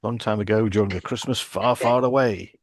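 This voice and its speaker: A man's voice: lowish voice, fairly quick, no room sound. A man co-hosting a casual podcast who teases and jokes with friends and giggles often. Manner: teasing, joking, frequent giggles. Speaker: podcast co-host. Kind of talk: casual chat.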